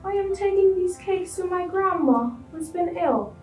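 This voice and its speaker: A woman's voice: very high-pitched, animated, a little slow, darkish tone, reverberant, recorded from a distance, soft background music, voice pushed up, rough recording. A woman doing sweet little girl in red hood. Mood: innocent.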